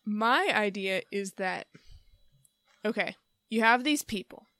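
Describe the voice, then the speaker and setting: Playful lady cohost chatting about song lyrics, dead dry mic, middle pitch. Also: lively intonation, takes it slowly, pushed and bright, dry recording. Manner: playful, sings and chants lyrics, laughs often. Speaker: podcast co-host. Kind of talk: casual chat.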